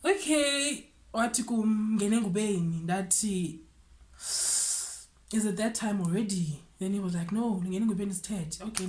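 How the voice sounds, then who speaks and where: Young woman, Xhosa South African accent, casual storytime vlogger, animated. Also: medium pitch, background noise. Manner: switches between English and Xhosa, animated retelling. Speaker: vlogger telling a personal story.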